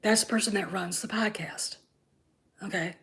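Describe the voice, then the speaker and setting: A woman in her fifties hosting her own channel, ranting about a TV show, sarcastic and profane, often dropping into a hushed whisper and pressing her points with "okay?". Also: medium pitch, steady tone, normal speed, vocal fry. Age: 50s. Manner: emphatic, repeats "okay?" for emphasis. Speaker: channel host and TV critic. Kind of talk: ranting commentary.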